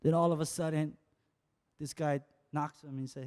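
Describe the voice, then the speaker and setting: A man preaching a sermon to a congregation, calling out to them and building to loud exhortations. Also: a little high, steady tone, normal speed, smooth, in a large hall. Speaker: pastor.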